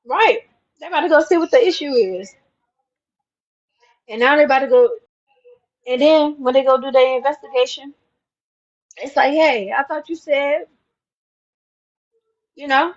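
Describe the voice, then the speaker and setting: A woman's voice: high voice, moderate pace, long pauses, dull audio. A woman ranting casually to the camera, repeating herself for emphasis and speaking straight to the viewer.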